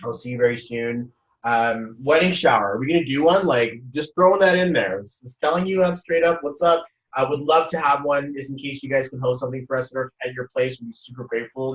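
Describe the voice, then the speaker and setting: A young man hosting a casual motivational live talk, energetic and rambling, often repeating words as he speaks at home. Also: mid-range voice, a little fast. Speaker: host. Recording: roomy echo, voice from a distance.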